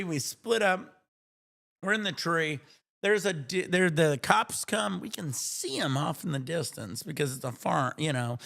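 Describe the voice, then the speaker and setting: A man's voice: a little high, gravelly, a bit bright. A middle-aged man from Ohio, a live streamer telling rambling, profane stories in casual chat, often correcting himself. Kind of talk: casual storytelling.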